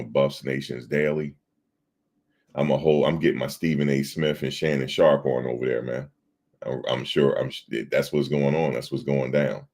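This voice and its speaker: A man with a very deep, gravelly voice hosts a casual livestream. He rambles loosely and answers his viewers in the chat as he goes. His tone is husky and worn. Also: a little mellow. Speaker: livestream host.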